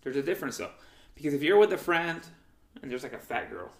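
A man's voice: on the high side, fast, creaky. A young man hosting a podcast, telling crude stories in casual chat and acting out the quotes. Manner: crude, animated, acts out quotes. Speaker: podcast host. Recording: echoey room.

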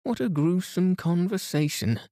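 A man's voice: sits high, sing-song, a little slow, mellow, no echo, clean studio sound, pitched above the performer's own voice, full character voice. A man voicing an older genteel English lady with a fluttery, exclaiming manner.

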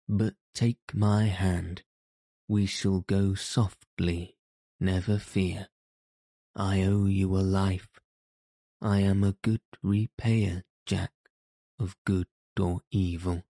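A bold young outlaw who teases his companion in archaic speech, as a male reader puts him on. The voice is low and mellow and moves very slowly, with little rise and fall. It sits close and dry in the recording. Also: little pitch movement, no echo. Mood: teasing. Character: bold cheerful teenage boy outlaw, teasing. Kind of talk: audiobook character reading.

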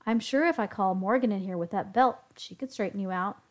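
A woman's voice: mid-range voice, a little fast, natural voice. A woman reading a story aloud, voicing a domineering young woman who mocks and orders others. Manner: commanding, sarcastic.

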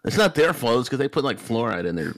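A man's voice: mid-range voice, sing-song, fast talker, fairly bright tone, no echo. A man co-hosting a casual comedy podcast, tossing in crude wisecracks. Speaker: podcast co-host.

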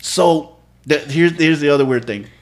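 Animated male podcast storyteller. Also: fairly high pitch, normal speed. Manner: animated storyteller, casual slang and swearing. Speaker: podcast co-host. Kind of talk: casual storytelling chat.

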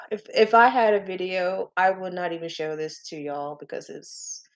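A woman's voice: on the low side, measured pace. Chatty, profane woman podcaster. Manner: chatty, profane, laughing asides. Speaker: podcast host. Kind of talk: casual storytelling chat.

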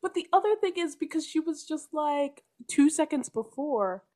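A woman chatting casually about a TV show, animated and laughing often as she acts out characters' lines. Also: high voice, moderate pace. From part Jamaican family. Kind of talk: casual chat.

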